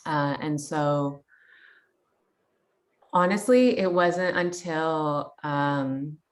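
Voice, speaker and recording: A woman's voice: low-pitched, extremely slow. Candid woman in her thirties. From Canada. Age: 30s. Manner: candid, many fillers and quoted inner thoughts. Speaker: guest. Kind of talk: conversational personal story.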